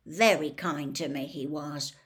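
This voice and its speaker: Woman playing a big kindly groundskeeper, homely plain talk, slow unhurried storybook pace. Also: low-pitched, steady tone, voice pushed down. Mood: wistful. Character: gruff kindly half-giant groundskeeper man.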